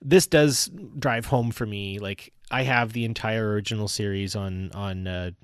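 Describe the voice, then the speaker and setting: A man co-hosting a podcast in casual chat, animated and full of fillers and restarts. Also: lowish voice, moderate pace, smooth, no echo, studio quality. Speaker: podcast co-host.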